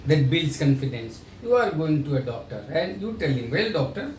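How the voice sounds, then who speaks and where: A man explains sales techniques in a training lecture, performing sample sales exchanges. His voice is on the high side, sing-song and a little mellow, at a moderate pace, captured from afar in an echoey room with faint noise.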